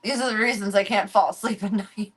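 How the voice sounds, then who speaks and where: A woman's voice: mid-range voice, steady tone, fairly quick, slightly rough. Chatty young woman streamer, swears freely. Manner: chatty, swears freely, coos and baby-talks to her pets. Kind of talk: casual live-stream chat. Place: at home with her pets.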